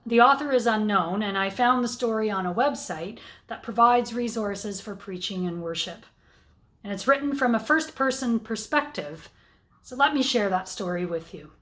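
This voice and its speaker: A woman pastor with a Canadian accent, giving a sermon at a slow, measured pace with deliberate pauses. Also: mid-range voice, a bit bright.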